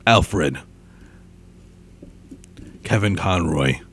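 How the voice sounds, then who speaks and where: A young man doing a gruff, growling caped crusader. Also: low-pitched, animated, drawn-out words, fairly bright tone, slight background noise, full character voice. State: tired, overworked throat. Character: gruff deep-voiced male caped crusader. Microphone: microphone with pop filter.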